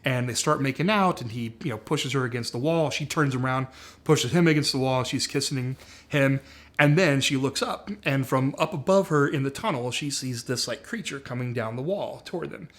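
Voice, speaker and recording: A man walks through a series pitch scene by scene, relaxed and conversational. His voice sits in a middle range and he fills pauses with "like" and "uh" as he goes. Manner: conversational, frequent "like" and "uh". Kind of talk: casual story pitch.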